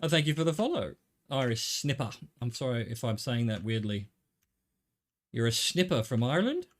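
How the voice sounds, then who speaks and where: A man's voice: mid-range voice, expressive, moderate pace. A middle-aged man with an Australian accent, chatting casually and wryly to his viewers while he plays a game. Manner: rambling, wry, jokey asides to chat. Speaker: game streamer. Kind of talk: casual live-stream chatter while gaming.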